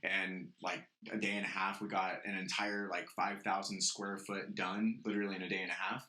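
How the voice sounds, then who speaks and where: A man's voice: low-pitched, flat delivery, brisk, pushed and bright. A young man hosting a casual podcast, telling stories heatedly with a lot of swearing. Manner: profane, heated storytelling. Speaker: podcast host. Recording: roomy echo.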